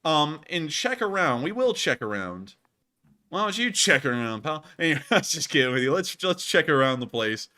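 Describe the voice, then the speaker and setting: Young male stream host, high-pitched, bright and animated, playful and jokey. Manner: animated, quick asides, playful teasing. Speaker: livestream news host. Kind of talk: casual livestream chat.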